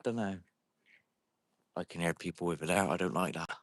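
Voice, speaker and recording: Outdoors in a cemetery, a man holds a phone and livestreams a paranormal hunt, chatting casually with viewers and calling to spirits. He speaks at normal speed in a low voice, and the recording is dry.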